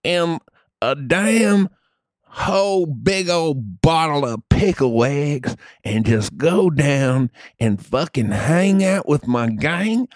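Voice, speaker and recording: A man voicing a loud, boastful redneck country-music fan with a Southern accent, crude and drawling. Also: fairly high pitch, lively intonation, slow pace, no room sound, studio quality.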